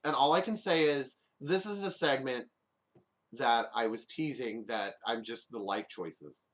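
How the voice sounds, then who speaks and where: A man's voice: mid-range voice, unhurried, fairly bright tone. A man hosting a podcast alone, giving comedic commentary with jokey, sarcastic asides. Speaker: podcast host.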